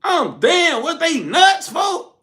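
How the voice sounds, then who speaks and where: A man's voice: extremely high pitch, wildly swooping pitch, slow pace, bright, forceful tone. A man streaming a casual, profane rant, rambling in slang and calling his listeners "folk" and "bro". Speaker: streamer hosting a morning smoke session.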